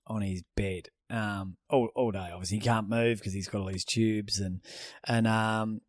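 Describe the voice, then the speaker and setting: A man's voice: fairly low pitch, steady tone, moderate pace, dry recording, studio quality. A man, co-hosting a podcast in casual chat, swearing freely and rambling with restarts. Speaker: podcast co-host.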